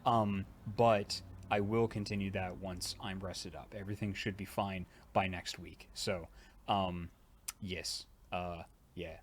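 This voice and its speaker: A man's voice: deep voice, fairly even intonation, takes it slowly, slight background noise. A man with a tired jaw chatting casually on a livestream, rambling with lots of fillers. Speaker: streamer and voice actor.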